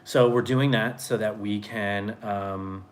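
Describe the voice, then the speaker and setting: A man's voice: on the low side, steady tone, slow pace, a little hiss or hum. A man in his thirties co-hosting a home livestream, rambling and joking. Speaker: co-host, husband. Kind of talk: casual chat. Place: home, at a table.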